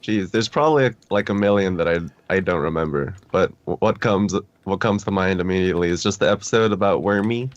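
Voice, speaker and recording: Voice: low-pitched, fairly quick, few pauses, no room sound, muffled recording. Dry-sounding guest in a podcast chat.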